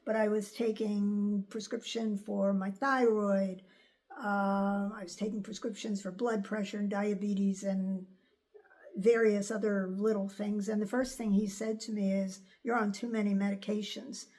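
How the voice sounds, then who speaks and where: A woman's voice: medium pitch, unhurried. An older woman from the United States, candidly telling a personal story to her viewers in a chatty way. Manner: chatty, animated when quoting others. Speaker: vlogger.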